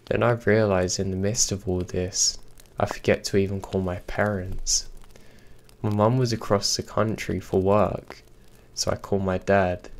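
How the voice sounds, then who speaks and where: A man reading true scary stories aloud in a steady, even storytelling delivery. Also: lowish voice. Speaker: horror story narrator. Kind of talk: scripted narration.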